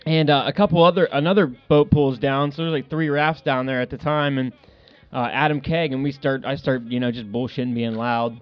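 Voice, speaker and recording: Give me a loud, swearing man telling a fishing trip story on a lo-fi recording. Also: medium pitch, steady tone, brisk. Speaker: podcast co-host. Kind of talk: casual storytelling. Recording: dull lo-fi sound.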